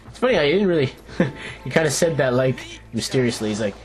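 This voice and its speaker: A man's voice: mid-range voice, sing-song, quick pace. A young man hosting a let's play, giving playful, jokey gameplay commentary, rambling and talking to the characters on screen. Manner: rambling, restarts his sentences. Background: game music.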